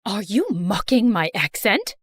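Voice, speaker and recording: A woman's voice: mid-range voice, lively intonation, a little slow, slightly rough, dry recording, studio quality, pitched below the performer's own voice. A woman playing a stern schoolteacher. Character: strict, easily offended female teacher.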